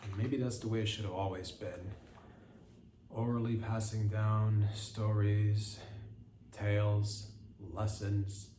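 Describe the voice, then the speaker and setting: A man's voice: on the low side, flat delivery, slow pace, distant mic. Profane sarcastic man in an echoey room. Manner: profane, sarcastic, mock-indignant rants. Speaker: comedy podcast host. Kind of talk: crude satirical monologue. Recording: echoey room with faint noise.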